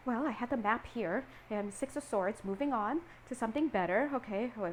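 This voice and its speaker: A woman giving a casual tarot reading, animated and playful, acting out little scenes and laughing often. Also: a little high, moderate pace, hardly any pauses, a little hiss or hum. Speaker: tarot reader.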